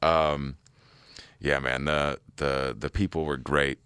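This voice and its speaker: A man's voice: a bass voice, level tone, slow pace, pushed and bright, smooth, dry recording. A hungover young man hosting a podcast, chatting in a laid-back way, swearing freely and laughing often. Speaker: podcast host. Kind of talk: casual chat.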